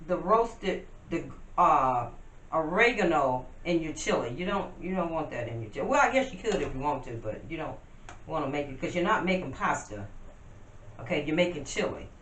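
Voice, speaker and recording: A woman's voice: sits low, sing-song, normal speed, a bit bright, recorded from a distance. Woman, home cooking vlogger, casual chat to camera, roomy noisy kitchen. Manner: chatty, addresses viewers as y'all, talks while working.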